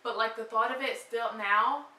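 Her voice is fairly high and sharp, with fairly even intonation at a normal speed. She's a pregnant vlogger in her twenties suffering morning sickness, rambling casually to camera and filling her talk with "like." The recording has a roomy echo from a faraway mic.

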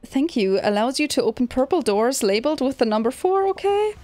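A woman's voice: sits high, sing-song, fairly quick, mellow. A woman giving casual let's play commentary, chatty and easily startled. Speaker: gaming channel host.

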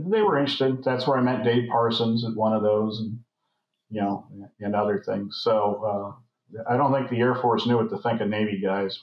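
Older man telling rambling anecdotes. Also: lowish voice. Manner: rambling anecdotes with many fillers. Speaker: guest, former Navy flight officer. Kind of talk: casual storytelling chat. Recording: roomy, dull remote audio.

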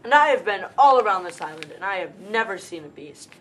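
A woman's voice: mid-range voice, lively intonation, a little fast, a bit bright, far from the mic, lightly acted, low-quality recording. A young woman playing a bossy boy hunter who leads the others, in an amateur school drama reading. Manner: commanding, boastful.

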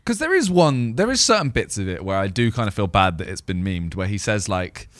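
A man co-hosting a podcast, chatting casually in an easygoing, expressive way. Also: on the low side, fairly quick, dry recording. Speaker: podcast co-host. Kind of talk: casual chat.

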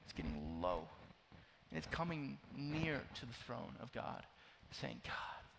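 A young man from Oklahoma preaching a sermon to young adults, swinging between loud urgent pleading and hushed, near-whispered confession. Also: mid-range voice, very animated, a little slow, creaky. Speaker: youth pastor. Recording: long hall reverb, faint noise.

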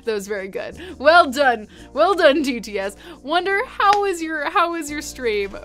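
A woman's voice: high-pitched, lively intonation, measured pace, a bit bright. A woman streamer chatting casually to her live audience, reacting to jokes with laughs and exclamations. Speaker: music livestreamer. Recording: faint music behind.

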